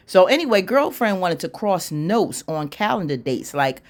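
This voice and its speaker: A woman giving a casual recap of a TV episode, telling it in a sassy, slangy, animated way and laughing often. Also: fairly low pitch, normal speed, few pauses. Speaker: YouTube TV recap host.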